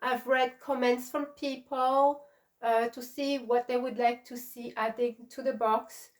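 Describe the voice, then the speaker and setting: A middle-aged woman chats through her crochet vlog in an unhurried, affectionate way. She gushes and gets emotional easily. Her voice sits a little high. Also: fairly even intonation. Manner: warm, gushing, emotional. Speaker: crochet channel host. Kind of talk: casual vlog chat.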